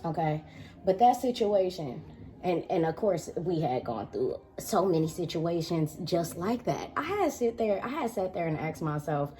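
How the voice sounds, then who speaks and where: A young woman talks straight to her camera in a relaxed, storytelling way. Her voice sits fairly low and sounds dark and mellow, and it jumps up high and animated whenever she acts out what people said. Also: moderate pace. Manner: animated, acts out quoted arguments in a higher voice. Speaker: vlogger.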